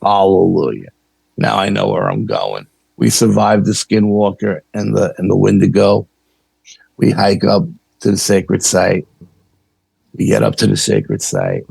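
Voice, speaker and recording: Unhurried and creaky, with a slightly rough, lowish tone, a man from New York tells a story as a guest on a podcast. He investigates the paranormal, and he brings the tale to life by animatedly performing its dialogue, with no room sound in the recording.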